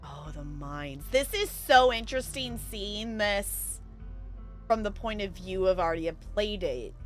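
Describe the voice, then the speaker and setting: A woman streaming a narrative game live, reading its text aloud and gushing with quick laughs between lines. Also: mid-range voice.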